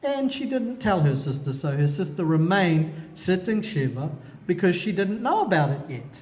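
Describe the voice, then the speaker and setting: A man leading a Bible study, animated, asking himself questions and dropping in Hebrew words. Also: sits high, normal speed, big-room sound. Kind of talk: expository Bible teaching.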